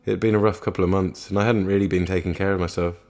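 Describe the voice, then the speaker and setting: A young man narrates a first-person tale in a low, understated voice. His delivery is dry and subdued. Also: flat delivery, rapid-fire, darkish tone. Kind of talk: scripted narration.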